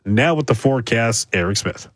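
A man's voice: mid-range voice, lively intonation, moderate pace, no echo. A man giving a conversational live traffic report on the radio, often repeating himself.

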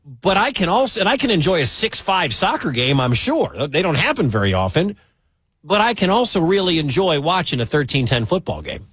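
A man's voice: high-pitched, husky, no echo. A man hosting a call-in sports radio show, joking and bantering with callers. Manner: lively, jokey, fast banter with callers.

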